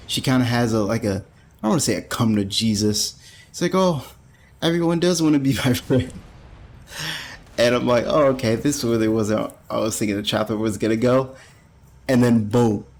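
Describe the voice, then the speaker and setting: A man's voice: lowish voice, normal speed, gravelly, a little hiss or hum. A man giving a casual, rambling manga chapter review, full of slang and frequent laughter. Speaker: anime reviewer.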